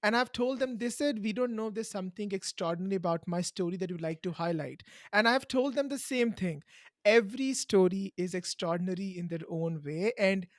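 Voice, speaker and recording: A woman's voice: mid-range voice, brisk, no echo. Earnest Indian-accented woman host, dry sound. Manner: earnest, encouraging, repeats herself for emphasis. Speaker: podcast host. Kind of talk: conversational interview answer.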